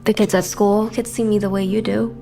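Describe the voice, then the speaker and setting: Young woman playing a poor high school girl, earnest and modest, drama clip. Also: little pitch movement, brisk, creaky, over music, lightly acted. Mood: downcast. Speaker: student. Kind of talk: scripted drama acting.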